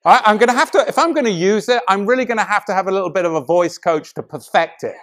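A middle-aged man delivering a sermon, swinging between loud emphatic preaching and hushed, intimate passages. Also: sits high, fast talker.

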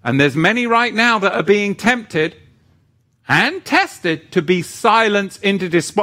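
Male preacher, high bright voice, unhurried, lively sermon with rhetorical questions. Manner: animated, swings between loud and hushed.

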